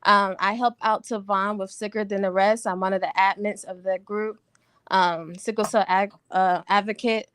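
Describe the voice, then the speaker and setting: A woman's voice: mid-range voice, fairly even intonation, normal speed, a bit bright, clear, resonant tone, no room sound, clean studio sound. Nervous chatty woman in her twenties. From Virginia, USA. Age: 20s.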